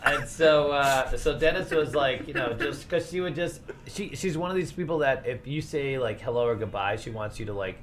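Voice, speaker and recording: Man, host, casual stream chat, slightly hoarse, rambling with fillers, faint background hiss. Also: medium pitch, lively intonation, normal speed, few pauses. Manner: rambling, laughing, trailing off with fillers. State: losing his voice.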